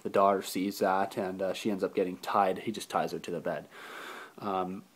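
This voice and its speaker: A man with a somewhat low voice talks through a film's plot in a loose, casual recap. He rambles, fills pauses with ums and likes, and circles back to correct himself. He swears offhandedly now and then. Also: flat delivery. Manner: rambling, many fillers and restarts. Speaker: movie reviewer.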